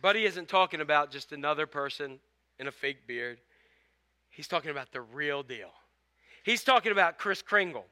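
A male pastor delivering a conversational, animated sermon in a church. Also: on the high side, moderate pace. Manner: conversational, animated preaching with quoted exclamations. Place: church sanctuary.

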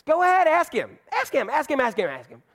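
Guy doing a high pushy little girl voice, keeps nagging. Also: wildly swooping pitch, brisk, fairly bright tone, exaggerated voice. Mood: insistent. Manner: pestering, repeats demands. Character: young girl, eager, blunt and insistent.

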